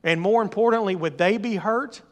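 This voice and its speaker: A middle-aged man preaching a sermon, emphatic and rising to loud exhortation. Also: high-pitched, moderate pace. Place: church or meeting hall.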